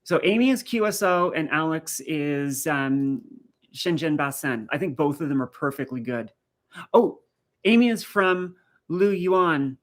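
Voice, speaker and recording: A man's voice: on the high side, expressive, unhurried. A man from rural eastern Canada hosting a live stream in casual chat, telling stories and answering viewer comments. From rural east coast of Canada.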